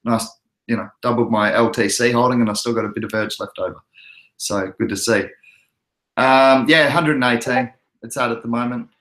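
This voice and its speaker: A man's voice: mid-range voice, a bit bright. Laid-back Australian man chatting, echoey room. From Queensland, Australia. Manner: laid-back, chatty, answers chat messages. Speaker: crypto livestream host. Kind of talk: casual livestream chat.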